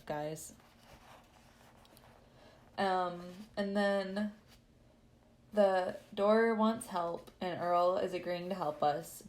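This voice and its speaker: A woman's voice: lowish voice, darkish tone. A woman casually recapping a book chapter, chatty, laughing often and saying "like" a lot. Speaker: podcast host.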